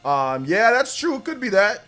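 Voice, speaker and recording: A man's voice: high-pitched, big pitch swings, normal speed, fairly bright tone, faint music behind. A young man hosting a livestream, telling a rambling school story in casual chat and thanking viewers for donations. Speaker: livestream host.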